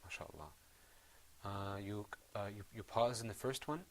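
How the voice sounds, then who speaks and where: A man teaching Quran recitation, patiently encouraging his students and trailing off softly after each bit of praise. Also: lowish voice, moderate pace, slight background noise. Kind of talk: gentle classroom instruction.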